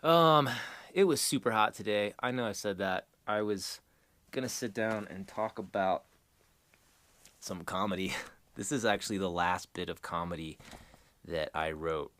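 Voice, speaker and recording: A man's voice: fairly low pitch, measured pace, a bit bright. A man from the United States hosting a rambling, casual monologue. He chuckles as he goes and drifts into crude asides. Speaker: host.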